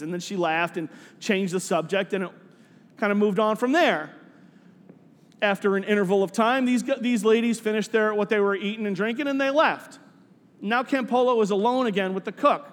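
A man tells a story as part of a sermon and brings the people in it to life. His voice is unusually high for a man, and he often repeats words. A long echo from a large hall trails his speech. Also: normal speed. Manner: animated storyteller, voicing characters, repeating words.

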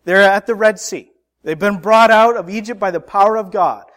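Middle-aged pastor guy preaching, highish voice, keeps repeating words for punch. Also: normal speed, fairly bright tone. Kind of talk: sermon.

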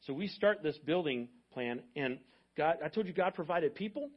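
Pastor with a raised, lo-fi voice. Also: male voice, a little high, animated, normal speed, breathy edge. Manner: conversational, joking asides to the congregation. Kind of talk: storytelling sermon. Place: church sanctuary.

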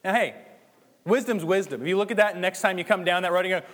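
A man preaches in a relaxed, conversational manner and acts out the inner thoughts of his listeners. His voice sits slightly high for a man. It rings with the long reverb of a hall. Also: quick pace. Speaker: pastor. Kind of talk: sermon.

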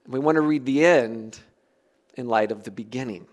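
A middle-aged man from the United States preaching a sermon, earnest and emphatic, with soft dropped asides. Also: mid-range voice, normal speed. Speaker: pastor.

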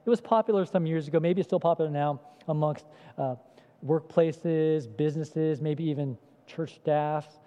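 A man's voice: fairly high pitch, fairly even intonation, moderate pace, mellow, clean tone. A man preaching a sermon in a conversational way, often asking the congregation questions. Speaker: pastor. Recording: echoey hall, dull lo-fi sound.

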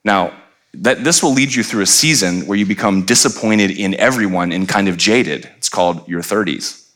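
A man's voice: fairly low pitch, moderate pace, fairly bright tone. Joking pastor in his thirties. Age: 30s. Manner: storytelling with jokes and asides to the congregation. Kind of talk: humorous sermon. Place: church sanctuary.

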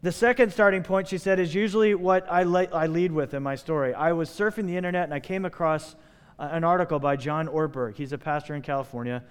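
A male pastor preaching a sermon, telling stories with lively voicing of the people he quotes. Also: on the high side, quick pace, clean tone. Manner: animated storytelling, acting out quoted voices. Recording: long hall reverb.

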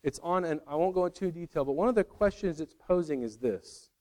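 Earnest male preacher, slightly high. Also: animated, fairly quick. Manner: earnest, swings from loud to hushed. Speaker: pastor. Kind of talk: sermon.

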